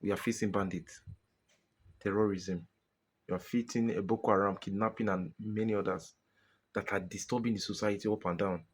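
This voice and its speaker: A man's voice: fairly low pitch, fairly even intonation, a little fast, breathy edge. A Nigerian man venting in a frustrated personal monologue to his viewers, exasperated and pleading, often repeating himself. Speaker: vlogger.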